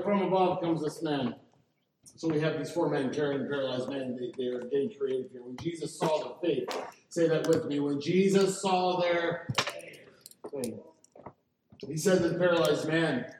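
Man preaching, fairly high voice, echoey church hall, heard from a distance. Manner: animated preaching, calls for congregation response. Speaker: pastor. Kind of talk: sermon. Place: church sanctuary.

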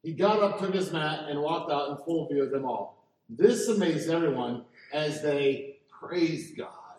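A man preaching a sermon as pastor, animated and asking the congregation to answer back. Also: on the high side, unhurried. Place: church sanctuary. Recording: echoey hall, mic from a distance.

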